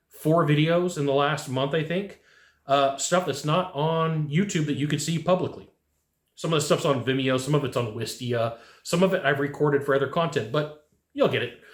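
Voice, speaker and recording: A man's voice: a little high, reverberant. A man giving a casual coaching lesson on sales, acting out little bits of dialogue as he goes. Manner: animated, acts out quoted dialogue. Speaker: sales trainer. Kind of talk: coaching talk to camera.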